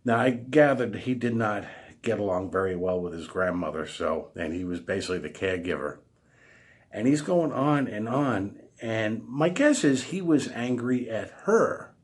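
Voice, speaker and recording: A man with a fairly low voice tells a story in a casual monologue. His pitch rises and falls a lot. He sounds blunt, exasperated and a bit salty. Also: expressive, normal speed. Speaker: vlogger.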